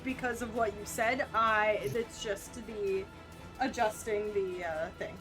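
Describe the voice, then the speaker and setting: A woman narrating as game master, unhurried and conversational, with fillers. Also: medium pitch, fairly even intonation, over music.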